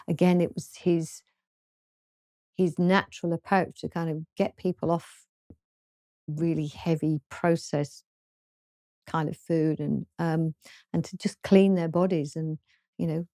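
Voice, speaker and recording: Soft-spoken southern English woman. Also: sits low, vocal fry, dry recording, studio quality. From southern England, London. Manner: hesitant, many fillers and restarts, soft. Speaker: author guest. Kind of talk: casual interview chat.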